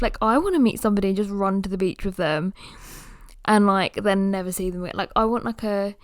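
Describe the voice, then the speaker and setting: A young woman chats through her solo podcast, rambling with plenty of filler words and sounding a little tired. Her voice is mid-pitched and recorded close and dry, with no room sound behind it. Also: normal speed, no room sound. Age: early 20s. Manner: chatty, rambling, lots of "like" fillers. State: tired and yawning. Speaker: podcast host. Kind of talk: casual solo podcast chat.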